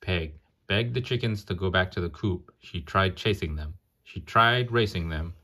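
Very deep-voiced man reading aloud. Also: normal speed, sharp tone. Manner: playful, sings the rhymes, chats and asks questions between pages. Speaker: picture book reader. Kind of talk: reading a picture book aloud to a child.

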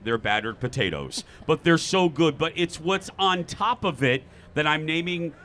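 A man hosting a talk show outdoors at a fair, telling stories in a lively, joking way. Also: on the high side, normal speed. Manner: lively, jokey storytelling. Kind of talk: casual chat.

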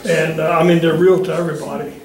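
Higher-voiced man in an echoey church room. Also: little pitch movement, crowd noise. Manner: plain, unhurried, with many "uh" pauses. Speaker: church member sharing a prayer request. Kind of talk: casual prayer-meeting talk. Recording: echoey room with people around.

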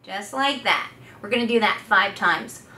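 A woman's voice: medium pitch, moderate pace. A woman, a voice therapist, coaching listeners through voice exercises and demonstrating each one aloud. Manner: coaching, demonstrating loud sustained vowels. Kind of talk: instructional voice exercise demo. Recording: echoey room, faint background noise.

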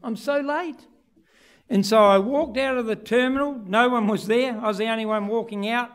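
Middle-aged man from New Zealand, preacher, high voice, acts out his stories in the pulpit. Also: steady tone, a little fast. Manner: storytelling, acting out voices with big swings in pitch and loudness. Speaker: pastor. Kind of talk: sermon. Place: church.

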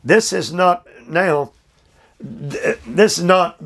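Older man, gravelly, slightly high voice, slow emphatic sermon, Bible teaching at home. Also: fairly bright tone. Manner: slow, emphatic, drawn-out phrasing with repeated fillers. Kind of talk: verse-by-verse Bible study sermon. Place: his home.

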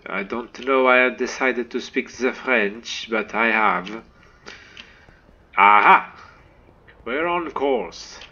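A man giving chatty, excitable gameplay commentary as a let's play host, humming little tunes to himself as he goes. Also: medium pitch, slow pace, hardly any pauses, lo-fi sound.

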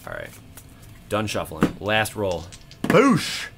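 A man hosting his own channel, opening card packs with excited, casual commentary, counting aloud and swearing freely. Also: on the low side, moderate pace, a little hiss or hum. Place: home room.

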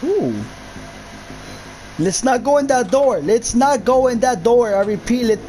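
A man's voice: very high voice, animated, unhurried, mellow, a little hiss or hum, poor audio. A young man commentating his own gameplay of a horror map, jumpy, swearing a lot and yelping at scares. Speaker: gamer.

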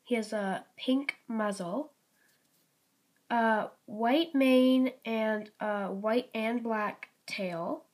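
A woman's voice: on the high side, extremely slow, a little mellow. A young woman in her teens from Canada, showing off new toys in a casual, rambling vlog full of ums, likes and little apologies. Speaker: toy collection vlogger. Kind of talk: casual show-and-tell vlog.

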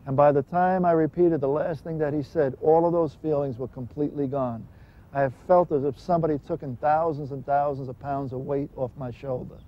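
A man's voice: a little high, steady tone, a little fast. A man giving an earnest, emphatic personal testimony. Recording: dull lo-fi recording with faint hiss.

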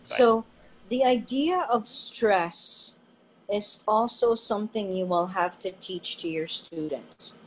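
A woman, an English teacher, who explains pronunciation tips deliberately in a casual panel discussion. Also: medium pitch, breathy edge, poor audio.

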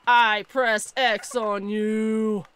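A young woman streaming a game, chatting casually, giggling and calling out excitedly to the animals in the game. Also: on the high side, extremely slow, heavy background noise. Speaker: gaming streamer. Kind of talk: casual gameplay commentary.

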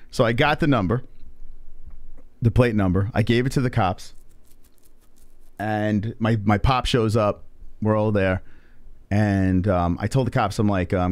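A man's voice: fairly low pitch, unhurried, pauses often, no room sound. A man hosting a live stream, telling a story in a casual, profane way and acting out the people he quotes. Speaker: stream host.

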